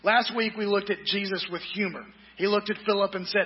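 A male pastor preaching a sermon, reading scripture slowly and deliberately with quick joking asides. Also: sits high, fairly even intonation, highs cut off.

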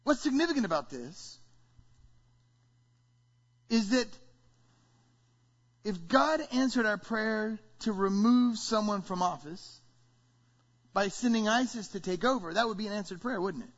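A man preaching a sermon in an animated way, reading scripture and acting out what people say. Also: sits high, a little slow, pauses often. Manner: animated, acting out the congregation's complaints. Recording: dull lo-fi recording.

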